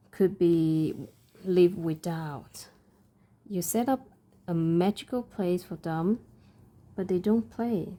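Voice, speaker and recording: Woman, very dark mellow tone, slow, soft and hesitant. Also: fairly low pitch. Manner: soft, thoughtful, hesitant with many pauses. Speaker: parent and crafter. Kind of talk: reflective chat while stitching.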